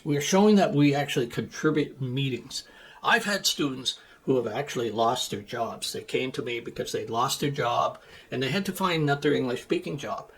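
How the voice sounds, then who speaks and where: A middle-aged man coaching business English, speaking in a clear, deliberate, emphatic way with pauses. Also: on the high side. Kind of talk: teaching monologue to camera.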